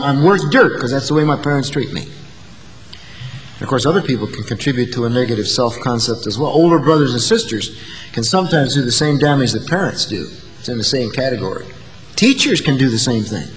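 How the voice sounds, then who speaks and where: A man's voice: medium pitch, in a large hall, rough recording. A male pastor delivering an earnest sermon, building to emphatic peaks. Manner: earnest, rising to emphatic peaks, acting out quoted insults.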